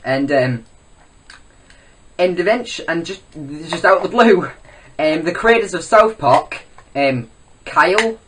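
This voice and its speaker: A man's voice: on the high side, animated, slow, pauses often, distant mic, slight background noise. A young man ranting in a mock-serious comedy vlog, rambling and boastful with lots of self-interruptions. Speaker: comedy vlogger. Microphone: webcam.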